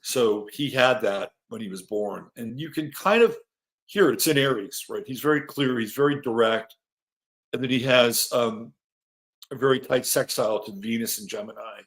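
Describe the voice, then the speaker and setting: A man's voice: mid-range voice, moderate pace. A middle-aged man hosting an astrology livestream, chatting casually and reading out greetings from the chat, loose and swearing now and then.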